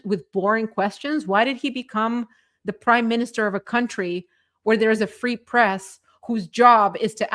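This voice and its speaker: A woman's voice: fairly high pitch, fairly bright tone. A woman hosting a casual political livestream, reading viewer comments and chatting with a sarcastic edge, laughing often. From Canada. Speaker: livestream host reading chat.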